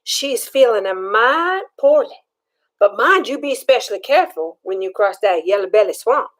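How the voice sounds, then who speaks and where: A woman's voice: medium pitch, lively intonation, moderate pace, voice pushed down, close to an everyday voice. An older woman voicing a fussing country mother with folksy, homespun talk in a storybook read-aloud. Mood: cautioning. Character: fussing country mother sending her daughter off.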